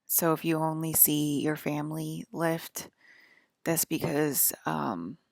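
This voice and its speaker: A woman's voice: deep voice, little pitch movement, takes it slowly, creaky, dry recording, heavily acted. A woman speaking in a put-on Southern accent as her persona, rambling with many fillers in a casual monologue. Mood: musing.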